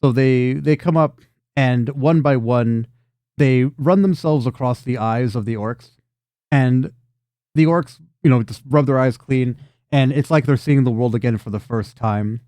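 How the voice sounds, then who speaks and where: Role: game master. Sex: man. Tone: dark, mellow. Sound: dry, close. Style: relaxed tabletop narration. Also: mid-range voice, measured pace, no echo.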